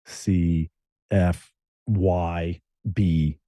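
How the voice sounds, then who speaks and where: A middle-aged man from Connecticut, a screenwriter and novelist, talking as a guest in a casual interview, telling stories in animated, quick bursts. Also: low-pitched, no room sound, clean studio sound.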